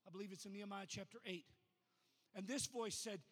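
A preacher with a very high-pitched, husky voice. He delivers a sermon that swells into loud, rhythmic preaching. The sound rings with long reverb from a church sanctuary. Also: steady tone, brisk. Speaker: pastor.

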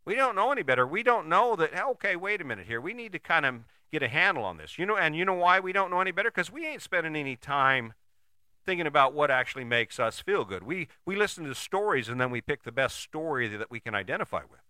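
Man, casual motivational rant, profane and blunt, bright sharp tone, very animated pitch. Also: quick pace, dry recording, clean studio sound. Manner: rhetorical questions, restarts.

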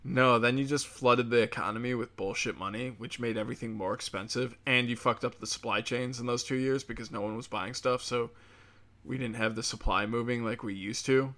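A man tears through a casual political rant full of profanity and biting sarcasm. His voice sits at an everyday middle pitch, and he talks like he is venting to friends rather than reading a script. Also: steady tone, fairly quick, a bit bright. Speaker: commentator.

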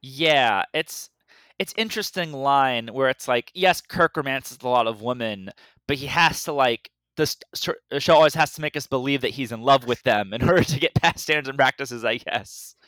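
A man's voice: medium pitch, moderate pace, a bit bright, no room sound. A man co-hosting a podcast in casual chat, rambling and restarting his sentences. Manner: rambling, many fillers and restarts. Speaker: podcast co-host.

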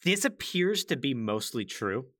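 Speaking at a measured pace, a man with a medium-pitched, slightly bright voice and big pitch swings hosts a podcast. He chats casually through gaming history, saying "like" a lot and adding wry asides.

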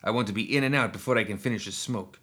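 Gruff, profane, hot-headed male fighter, voiced by the narrator; low and rough. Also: fast, fairly bright tone. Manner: snapping, profane. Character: gruff, crude male hybrid fighter, short-tempered.

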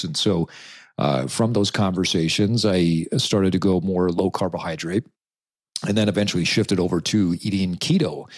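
A middle-aged man telling his own story as a podcast guest, relaxed and rambling, with frequent filler sounds. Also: low-pitched, no room sound, studio quality. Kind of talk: casual storytelling interview.

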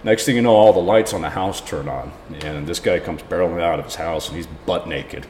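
Deep-voiced man telling a wild story. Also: brisk. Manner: laughs often, animated, rambling. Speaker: podcast guest. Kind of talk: casual storytelling. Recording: reverberant room with faint noise.

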